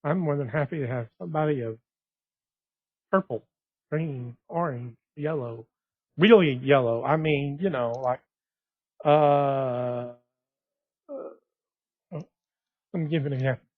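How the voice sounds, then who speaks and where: A man's voice: medium pitch, a little slow, pauses often, dry recording. A man from West Texas, talking in a rambling, digressive monologue full of restarts. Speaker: blogger. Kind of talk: casual monologue. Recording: tinny phone-like dry sound.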